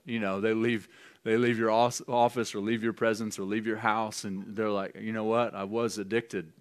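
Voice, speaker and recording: A man speaks to his congregation in a low, easygoing voice, preaching informally and often restarting his sentences. His talk stays conversational, broken by light laughs. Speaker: pastor. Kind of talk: informal charismatic preaching and prophecy. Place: church gathering.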